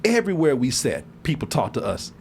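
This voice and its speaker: A man's voice: medium pitch, a little fast, creaky, slight background noise. A man hosting a show who tells a story in a casual chat, laughing often and acting out the quotes. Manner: animated, laughing, acts out quotes. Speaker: show host.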